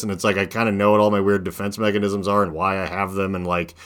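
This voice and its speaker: A man with a fairly low voice rambles through a casual podcast conversation. He tells stories in an animated way, stacking up fillers and restarts as he goes. He sounds like someone in his thirties. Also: fast, smooth. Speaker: podcast host. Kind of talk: casual chat.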